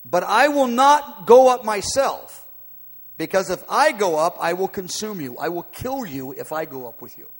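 God as a mighty, stern but caring deity, as a male preacher puts him on in a sermon, with emphatic, warning lines. The voice sits high for a man. It rings with long reverb as if it fills a big hall. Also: lively intonation, moderate pace, breathy edge.

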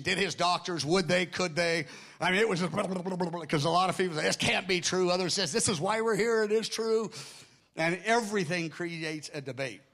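A middle-aged man preaching a sermon through stories, acting out the people in them, with rambling asides and corrections. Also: sits high. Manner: animated, acts out the people in his stories. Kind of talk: storytelling sermon.

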